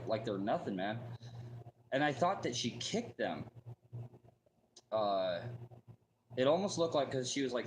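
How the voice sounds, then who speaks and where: A man's voice: mid-range voice, a little hiss or hum, rough recording. Man, mid-range voice, rambling casual storyteller, lots of "like" and "you know". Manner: rambling, full of fillers and restarts.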